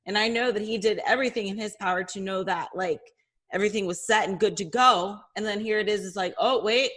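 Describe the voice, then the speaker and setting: A woman co-hosting a fitness podcast, talking in sympathetic, halting casual chat. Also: mid-range voice, a bit bright. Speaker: podcast co-host.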